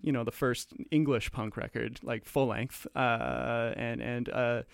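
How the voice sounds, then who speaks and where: Gravelly-voiced man, stammering restarts, casual music chat, dry close recording. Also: mid-range voice, fairly even intonation, no room sound. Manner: halting, many stammered restarts. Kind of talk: casual radio chat about punk records.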